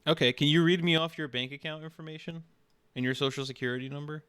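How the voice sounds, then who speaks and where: A man's voice: a little high, steady tone, quick pace, a bit bright, smooth. A man live streaming, chatting casually and teasing, often laughing.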